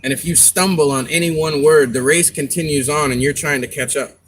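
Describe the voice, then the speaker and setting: A man's voice: on the high side, a little fast. Chatty man rambling on a noisy stream. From Scotland. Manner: rambling, chatty storytelling with quoted asides. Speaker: livestream host. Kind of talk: casual chat.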